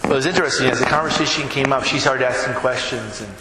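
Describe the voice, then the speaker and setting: A man's voice: medium pitch, fast talker, over a noisy crowd. A male pastor preaching a sermon, telling stories and acting out the quotes, in a church sanctuary. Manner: storytelling with acted-out quotes. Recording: echoey hall with ambient noise.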